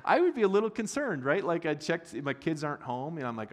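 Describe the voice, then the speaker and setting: A middle-aged man preaching a sermon as a pastor, conversational and humorous with loud excited bursts. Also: a little high, fast talker, long reverb tail.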